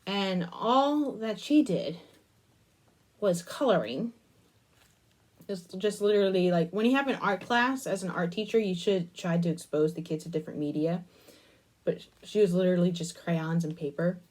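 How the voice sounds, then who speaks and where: A woman's voice: lowish voice, normal speed, a little mellow. Rambling woman chatting while crafting. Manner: rambling storytelling, asides about her work. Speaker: crafting channel host. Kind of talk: casual chat while crafting.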